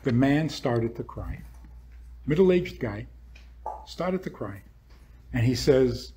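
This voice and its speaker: A man's voice: medium pitch, lively intonation, takes it slowly, long pauses, dark tone, slight background noise. A man speaking as a rabbi, lecturing an audience with provocative rhetorical questions and acting out what imagined people would say.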